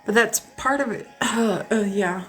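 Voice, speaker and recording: A woman hosting a casual live stream, telling personal stories to her viewers in an animated, candid way and swearing freely. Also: medium pitch, unhurried, soft background music. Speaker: host. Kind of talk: casual storytelling chat to a live audience.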